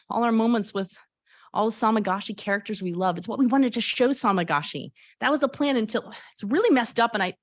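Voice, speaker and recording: A woman's voice: medium pitch, no echo, pitched above the performer's own voice, natural voice. A woman voicing an anxious, grieving thirteen-year-old girl cosplayer, eager and confiding, in a dry room.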